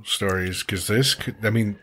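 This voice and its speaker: A man with a fairly low voice co-hosts a loose podcast chat. He rambles, trails off mid-thought and tells stories in an easygoing way. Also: moderate pace, a bit bright, a little hiss or hum. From Wisconsin. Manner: rambling, trails off, laughs easily. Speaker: podcast co-host. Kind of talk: casual chat.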